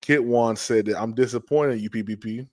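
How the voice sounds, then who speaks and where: A man hosting a casual sports livestream, talking back to the chat in an exasperated, animated way. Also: medium pitch, normal speed, no room sound, clean studio sound. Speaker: podcast host.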